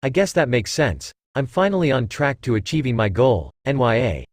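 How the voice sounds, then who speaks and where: A man's voice: medium pitch, sing-song, moderate pace, dry recording, studio quality. A man reading as a flirtatious, purring female cat-demon. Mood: playful. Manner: purring, teasing.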